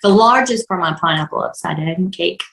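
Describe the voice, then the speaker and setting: A woman's voice: on the low side, animated, a little fast, vocal fry, a bit bright. A woman with a heavy Southern accent, co-hosting a podcast and telling stories between frequent laughs. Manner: laughs often, chatty storyteller. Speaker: podcast co-host. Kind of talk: casual chat. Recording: roomy echo.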